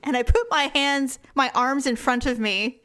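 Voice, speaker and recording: Giggly high-voiced woman podcaster. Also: moderate pace, slight background noise. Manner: giggly, animated storyteller. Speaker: podcast co-host. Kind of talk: casual chat.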